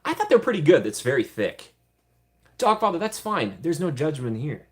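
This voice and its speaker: A man's voice: fairly high pitch, very animated, normal speed. A man casually chatting on a livestream, answering viewer comments in a playful way and giggling often. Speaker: streamer answering live chat.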